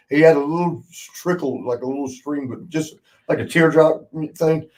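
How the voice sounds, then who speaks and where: This man's voice is fairly high and moves at a normal speed over a rough recording. He's a podcast host and ex-wrestler telling old road stories in a loose chat, laughing a lot, cursing freely and acting out whoever he quotes.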